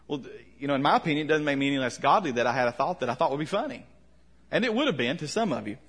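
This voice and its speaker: Husky guy preaching, chatty sermon, keeps asking the crowd questions, trails off quiet. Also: on the high side, animated, rapid-fire. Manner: conversational, questioning, with soft dropped endings. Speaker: pastor.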